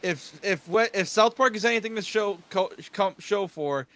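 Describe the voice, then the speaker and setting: A man's voice: high-pitched, normal speed, a bit bright. A young man in casual let's-play banter, teasing his friend and tripping over his words. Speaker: co-player.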